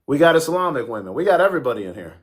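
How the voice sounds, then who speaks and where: Racing along in a slightly high, very animated voice, a man runs a casual livestream. He's profane and jokey, reacting to viewers' comments the moment they come in.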